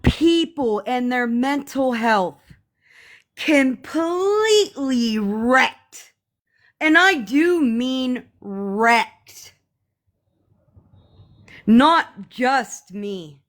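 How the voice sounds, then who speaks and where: A woman on a live stream, ranting to her viewers in a heated, profane, sarcastic way, often slowing down to stress her words. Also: high voice, animated, a bit bright. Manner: slow emphatic pauses.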